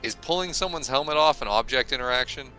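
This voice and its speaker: A man playing a tabletop game, talking hesitantly with many pauses and laughs. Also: mid-range voice, pushed and bright, faint music behind. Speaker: player. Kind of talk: casual tabletop play.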